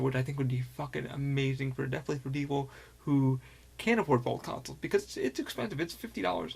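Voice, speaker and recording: A man's voice: medium pitch, creaky. A man hosting his own show, talking in a loose, rambling monologue and swearing freely. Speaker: podcast host.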